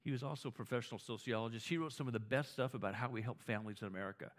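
In a racing mid-range voice, a man tells stories through a conversational sermon. He frequently starts over, repeats words, and asks his listeners whether they agree.

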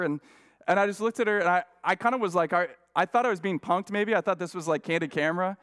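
A man's voice: sits high, fairly quick, fairly bright tone. A male guest preacher giving a conversational sermon, telling stories with frequent restarts and self-deprecating asides.

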